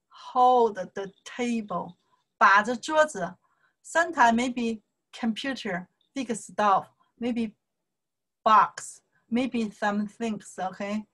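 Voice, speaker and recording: A woman's voice: medium pitch, fairly bright tone. A woman teaching a Chinese lesson in broken English mixed with Mandarin, patiently repeating points and checking with "okay?". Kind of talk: online language lesson.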